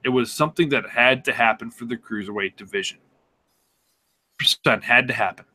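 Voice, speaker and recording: A man co-hosting a casual sports podcast, excitable and sarcastic, swearing and laughing as he talks. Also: mid-range voice, a little fast. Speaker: podcast co-host.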